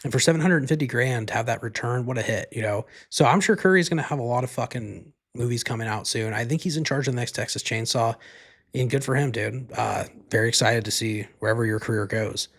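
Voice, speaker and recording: A man's voice: mid-range voice, quick pace. A man hosting a solo podcast, rambling casually through a movie recap and swearing freely. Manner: laid-back, rambling, leans heavily on "like" and swears freely. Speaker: podcast host.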